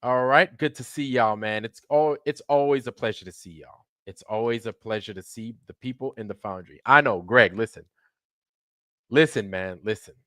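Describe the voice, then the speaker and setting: A man's voice: medium pitch, normal speed, fairly bright tone, dry recording, clean studio sound. A man hosting a livestream, ranting sarcastically with heavy swearing and greeting viewers in chat by name. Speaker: livestream host.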